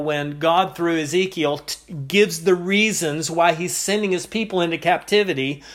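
A man preaching an expository sermon, teaching in a measured way with pauses and repeated phrases. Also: fairly high pitch, a bit bright.

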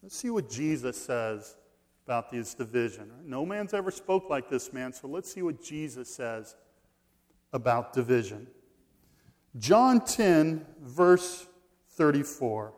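A man preaching a sermon, reading scripture aloud and shifting between loud emphasis and quiet asides. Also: on the high side, animated. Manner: reads scripture slowly, swings from loud stress to quiet asides. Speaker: pastor.

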